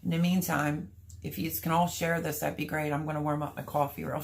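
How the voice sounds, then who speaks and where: A woman's voice: deep voice, normal speed, vocal fry, a little hiss or hum. Rambling, candid middle-aged Philly-woman. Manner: rambling, candid and emotional, chatting to viewers. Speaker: livestream host. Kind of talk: casual livestream chat. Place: at home. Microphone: livestream camera mic.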